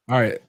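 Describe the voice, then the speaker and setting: A man hosting a casual podcast chat, animated, swearing freely and acting out quotes. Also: dry recording. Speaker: podcast host.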